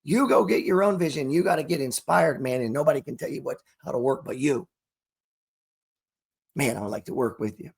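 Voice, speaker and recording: A man's voice: mid-range voice, fairly quick, gravelly, darkish tone, breathy edge. A middle-aged man hosting his own channel, delivering a profane, slangy motivational talk about trading and making money straight to the camera. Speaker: trading coach and channel host.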